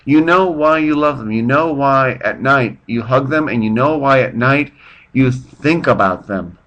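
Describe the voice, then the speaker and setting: A man with a medium-pitched, fairly bright voice talks a little slowly, the recording's highs cut off. Hosting his own podcast off the cuff at home, drinking beer while his partner sleeps, he rambles in a self-deprecating casual monologue and tells a joke using little voices for its characters.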